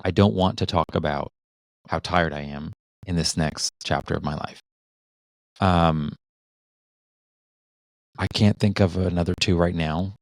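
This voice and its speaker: Low-voiced man musing in casual chat. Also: steady tone, measured pace, pauses often, no echo. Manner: reflective, many restarts and fillers. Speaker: podcast co-host.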